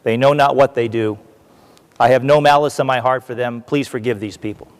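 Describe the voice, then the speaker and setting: A man voicing a calm condemned male priest who asks forgiveness quietly and gently. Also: medium pitch, a little fast, clean tone, long reverb tail, natural voice. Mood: gentle.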